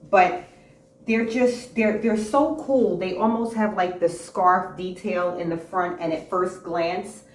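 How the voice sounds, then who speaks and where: A woman hosting a casual fashion haul vlog, talking enthusiastically to camera with a few fillers and repeats, in an indoor room with a clothing rack. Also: fairly low pitch. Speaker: fashion vlogger, channel host. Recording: roomy echo, distant mic, faint hiss.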